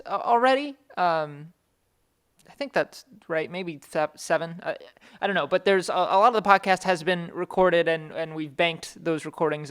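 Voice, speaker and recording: A man hosting a podcast in casual chat, rambling and self-deprecating, his voice slightly hoarse. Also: fairly high pitch, fairly bright tone. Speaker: podcast host.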